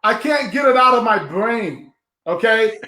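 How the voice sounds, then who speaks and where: A man hosting a live online show, talking with loud, emotional enthusiasm. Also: sits high, lively intonation, measured pace, roomy sound. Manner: effusive, emotional, loud exclamations.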